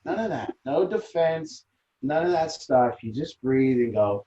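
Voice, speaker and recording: A man leads a recovery support group in an earnest, emphatic way, circling back to repeat his key phrases. His voice sits at an ordinary middle pitch. The recording is dull and lo-fi. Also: very animated, measured pace, mellow, a little hiss or hum. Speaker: group leader.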